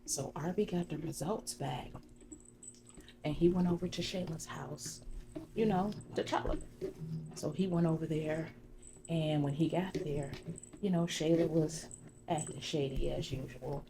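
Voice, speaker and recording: Low-voiced woman gossiping in ASMR role-play. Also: measured pace, creaky, pauses often, noisy background. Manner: chatty storyteller, full of "you know". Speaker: ASMR creator.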